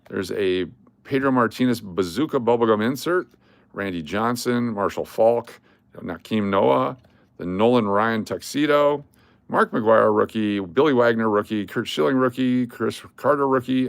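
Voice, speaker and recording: A man's voice: fairly low pitch, a little slow, creaky, dry recording. An older man hosting a casual livestream, rattling off lists of cards and chatting to viewers. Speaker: livestream host.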